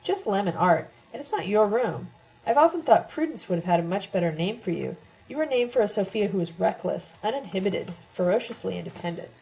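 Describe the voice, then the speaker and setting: A brash older woman who teases and needles with playful jabs, read by a woman narrator. The tone stays mellow and warm, in an everyday storybook reading voice. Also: mid-range voice, lively intonation, a little fast, creaky, low-quality recording. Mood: teasing.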